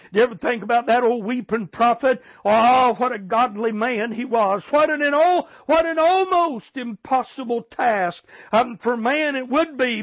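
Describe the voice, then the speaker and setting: High-voiced fervent male preacher. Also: dry recording, highs cut off. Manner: fervent, repeats phrases, frequent filler sounds. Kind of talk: sermon.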